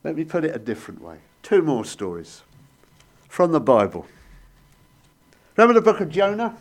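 A man preaching a sermon, telling stories with sudden rises and soft, hushed drops. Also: fairly high pitch, huge pitch swings, normal speed.

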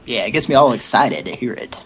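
Husky, dry-humored radio man. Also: medium pitch, expressive, fast. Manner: dry, crude, sarcastic. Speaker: radio show co-host. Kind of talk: comedic mock radio banter.

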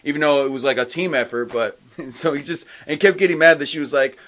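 A man talking casually as a podcast co-host at a middle pitch. He rambles and hesitates, and he slips into characters' lines when he retells scenes. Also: a little fast, few pauses, a bit bright. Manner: rambling, hesitant, acts out quotes. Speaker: podcast co-host discussing comics. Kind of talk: casual chat.

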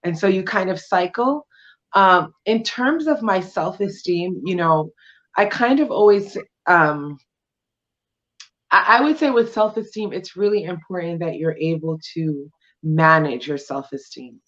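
A woman's voice: fairly low pitch, lively intonation, measured pace, a bit bright, lo-fi sound. A woman guest in an interview, explaining her views in an emphatic, conversational way with many "um"s and "you know"s. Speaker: guest sharing her divorce experience.

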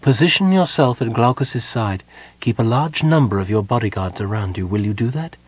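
A man voicing a calm, devout young woman prisoner who speaks softly but firmly. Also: medium pitch, moderate pace, husky, dry recording, lightly acted. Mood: serene.

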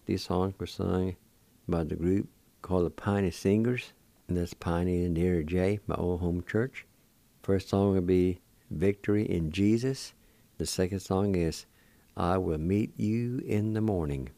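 A man's voice: sits low, a little slow, gravelly, dark tone, no room sound. A man hosting a radio language lesson, spelling out words and repeating them syllable by syllable. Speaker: radio host teaching words.

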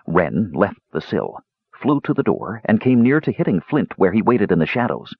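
A man narrates a fantasy story in a low, husky voice that moves up and down a lot. The recording is dull and dry, with no room sound. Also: dry recording. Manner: measured storytelling, lively pitch. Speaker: audiobook narrator.

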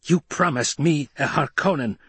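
A man voicing a scarred, vengeful male warrior who rasps and hisses his pleas. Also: mid-range voice, big pitch swings, normal speed, no room sound, voice pushed up. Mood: bitter pleading. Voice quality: raspy. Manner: hissing, pleading.

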